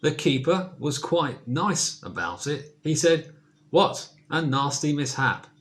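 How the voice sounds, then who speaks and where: A man's voice: on the high side, big pitch swings, takes it slowly, fairly bright tone. A man reciting a comic verse monologue as a birthday tribute, with hesitant asides in between.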